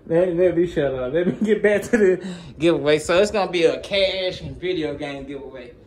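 A gaming YouTuber casually chats to his channel on a phone recording, rambling in slang, laughing often and hopping between topics. His voice is a little high with a darkish tone, fairly quick, over slight background noise.

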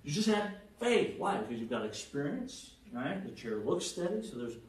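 A pastor preaching a conversational sermon, animated and joking, checking in with the congregation with frequent "right?". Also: male voice, a little high, normal speed. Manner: animated, jokes and acted-out quotes. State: jet lagged. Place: church hall with congregation. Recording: echoey hall, mic at a distance.

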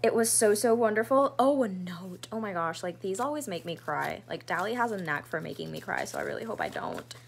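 A woman's voice: mid-range voice, very animated, brisk, creaky, hardly any pauses, a little hiss or hum. A woman in her twenties talking through gifts in a casual vlog, gushing and gasping, saying "like" and "oh my gosh" a lot. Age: 20s. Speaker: vlogger.

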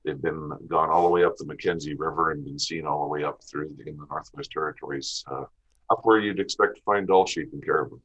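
A man's voice: very deep voice, steady tone, a little fast, a bit bright, husky. A man from Western Canada with a Canadian accent, a podcast guest talking about hunting in a plainspoken way. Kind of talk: casual interview talk. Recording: dull lo-fi audio.

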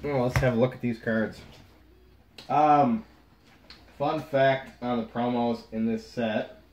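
A man's voice: mid-range voice, fairly even intonation, moderate pace, darkish tone, a little hiss or hum. Exasperated young man opening card packs. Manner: frustrated, swings between muttering and outbursts. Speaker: card pack opener. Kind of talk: casual pack-opening vlog.

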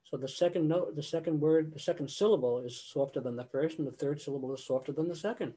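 An older man lecturing on choral conducting over a video call, his voice sitting a little high for a man. He talks in a loose, conversational way and now and then sings short phrases to show how they should sound. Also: fast talker, warm tone, husky. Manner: conversational, sings example phrases mid-explanation.

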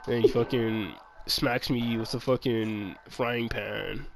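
A man's voice: medium pitch, fairly even intonation, slow, creaky, background noise. A man telling a rambling, profane story in a casual chat, full of laughs.

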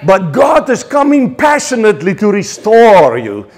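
A man's voice: high voice, huge pitch swings, a little slow, darkish tone. A man with a South African accent preaching a sermon passionately, with frequent stammered restarts.

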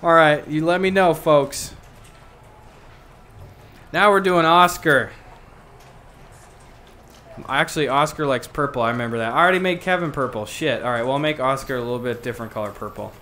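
A man's voice: on the high side, moderate pace, long pauses, sharp tone. A man streaming a VR game, chatting casually in a goofy, joking way and laughing often. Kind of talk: casual chat while playing a VR game.

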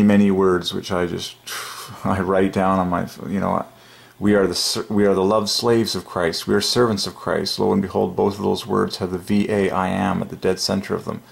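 Deep gravelly man, excited and emphatic. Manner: excited, emphatic, chuckling often. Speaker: channel host. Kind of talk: casual religious monologue to camera.

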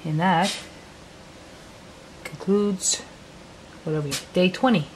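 A woman vlogging at home, talking softly and cooing to her dogs between casual chat. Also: lowish voice, slow. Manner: soft, cooing baby talk to her dogs. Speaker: daily vlogger. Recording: noisy home camera recording.

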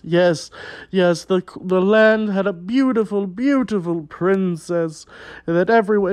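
A man hams up a fairy tale for children, unhurried and drawn out. He gasps, cries out in mock horror and chats directly with young viewers at home. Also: sits high. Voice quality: exaggerated, melodramatic delivery with gasps and mock horror. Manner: animated, jokey, talks straight to young viewers. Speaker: balloon artist and children's performer. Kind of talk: playful storytelling for children.

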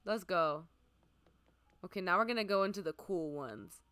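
Bright, crisp-voiced young woman streamer. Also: on the low side, expressive, moderate pace, no room sound, studio quality. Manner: chatty, lists items aloud, drifts into soft near-whispers. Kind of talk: casual gameplay commentary.

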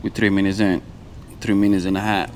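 A man vlogging while fishing outdoors on a lapel mic, talking casually and excitably, with "man" and "bro" in every sentence. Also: sits low, brisk, slight background noise. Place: outdoors by the water.

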